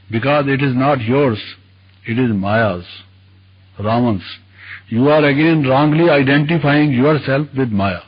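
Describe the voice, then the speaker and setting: Older man teaching a spiritual class, husky voice, measured and explanatory, keeps saying you see, muffled old tape. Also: medium pitch. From Punjab region of British India.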